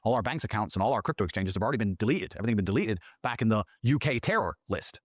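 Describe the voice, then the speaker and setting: A middle-aged man guesting on a podcast tells a long, animated story in a clip, swearing freely and mimicking what others said in mocking voices. His voice sits on the low side with lively intonation and a very fast pace, in clean studio sound with no room sound.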